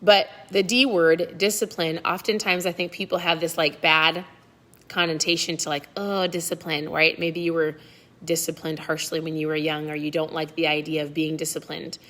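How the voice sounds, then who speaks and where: A woman's voice: low-pitched, little pitch movement, normal speed, fairly bright tone. A middle-aged woman hosting a book club in a casual live chat, talking straight to her viewers and often asking "right?". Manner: chatty, frequently asks "right?", addresses viewers directly.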